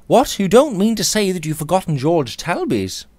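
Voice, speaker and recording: A man voicing an impetuous bearded young man who talks in an excited, breathless and eager way. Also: medium pitch, normal speed, no echo, voice pushed up, lightly acted. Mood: astonished.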